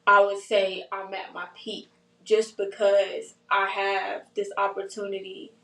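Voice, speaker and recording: Woman in her 20s, heartfelt, reflective, even flat delivery, echoey room, distant mic. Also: medium pitch, unhurried. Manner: soft-spoken, heartfelt, reflective. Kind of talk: casual chat. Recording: roomy sound from a distant mic.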